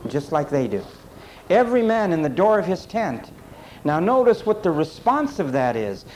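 A male preacher with a voice pitched a little above the usual male range delivers a sermon. He hammers points home through repetition and speaks straight to the people in front of him. A faint hiss sits under the recording. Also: big pitch swings, moderate pace, darkish tone, poor audio. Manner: emphatic, repetitive rhetorical preaching; addresses the congregation directly.

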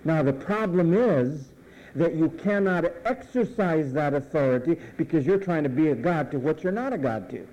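A man's voice: fairly high pitch, animated, moderate pace, mellow, low-quality recording. A male pastor preaching a sermon emphatically, drawing out phrase endings and letting them fall.

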